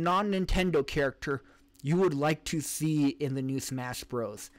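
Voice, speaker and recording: A man with a slightly high voice speaks at a measured pace while hosting a casual live-stream Q&A as a podcast host and streamer. Reading from chat, he gives rambling answers, often restarting and correcting himself, into a streaming desk mic.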